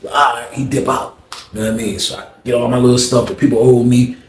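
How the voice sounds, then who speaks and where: A man telling a story casually, animated and slangy, acting out the quotes. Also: medium pitch, quick pace, slight background noise. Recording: roomy echo with faint ambience.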